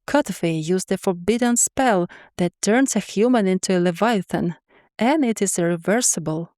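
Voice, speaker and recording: A woman voicing a stern woman professor, brisk and matter-of-fact. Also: medium pitch, darkish tone, dry recording, studio quality, natural voice.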